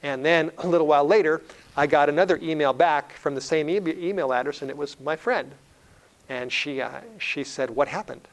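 A man's voice: on the high side, normal speed, rough recording. A middle-aged man preaching an earnest sermon-style lecture, telling stories with frequent fillers and restarts. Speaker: evangelist speaker.

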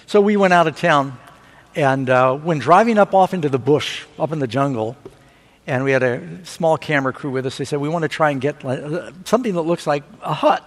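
A man preaching a sermon, telling stories with rising excitement and asking the audience for amens. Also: a little high, a little fast. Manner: animated storytelling preacher. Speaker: pastor. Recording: long hall reverb.

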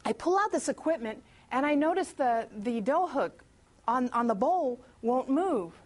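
A woman's voice: high voice, expressive. A woman speaking at a church meeting, telling a personal testimony as a chatty story, acting out her own prayers and thoughts and breaking off to welcome people coming in. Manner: chatty storyteller who pauses to greet latecomers.

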